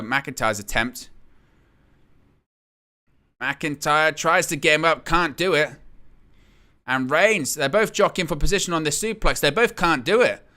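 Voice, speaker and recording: A man hosting a wrestling watch-along, giving excitable live play-by-play and reading out viewer comments. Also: medium pitch, clear, resonant tone. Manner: excitable, exclaims at big hits, reads chat aloud.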